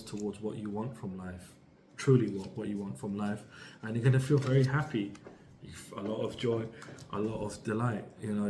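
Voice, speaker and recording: A man's voice: on the low side, mellow, slight background noise. A British man giving a casual, rambling tarot reading, upbeat and full of fillers and restarts. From United Kingdom. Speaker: tarot reader.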